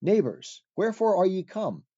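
Brief: a troubled, earnest pilgrim pleading in archaic words, mellow and dull-sounding, voiced by a male narrator. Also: high-pitched, very animated, moderate pace, voice pushed up. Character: troubled pilgrim man fleeing his city, earnest.

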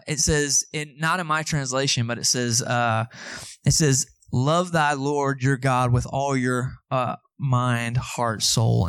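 Male pastor, chatty sermon delivery with asides to the congregation, pitched a bit high. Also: no room sound, studio quality.

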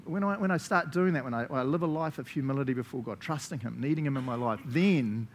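A male pastor with a New Zealand accent delivers a lively sermon at a middle pitch, laughing often between phrases. He talks straight to his listeners, checking in with them again and again. A faint low rumble sits behind his voice. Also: fast talker.

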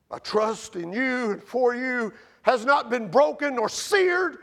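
A man preaching a sermon, full of rhetorical questions to the congregation and sharp swings between loud and quiet. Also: extremely high pitch, animated, slow, vocal fry, hardly any pauses. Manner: rises and drops sharply in loudness.

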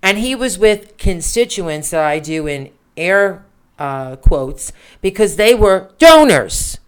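A woman's voice: fairly low pitch, sing-song, takes it slowly, smooth. A woman co-hosting a political podcast, talking in an indignant, emphatic way with rhetorical questions. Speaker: podcast co-host.

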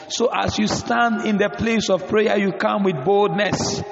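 A high-voiced male preacher with a gravelly rasp who repeats his points with emphasis and calls for responses. His voice rings through a large, reverberant hall, with soft music behind him and dull, muffled audio. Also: steady tone, unhurried, few pauses. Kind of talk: sermon. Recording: echoey hall, dull sound.

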